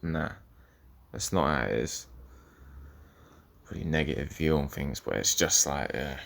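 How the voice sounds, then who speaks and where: A man's voice: very deep voice, measured pace, vocal fry, long pauses, fairly bright tone. A young man hosting a solo podcast, rambling and swearing as he talks, often cutting himself off mid-sentence. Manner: rambling, profane, self-interrupting. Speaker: podcast host.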